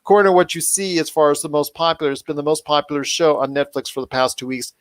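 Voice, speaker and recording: A man's voice: fairly high pitch, fast, no echo. Enthusiastic man hosting a podcast. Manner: enthusiastic, rambling with restarts. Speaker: podcast host. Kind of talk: casual podcast chat.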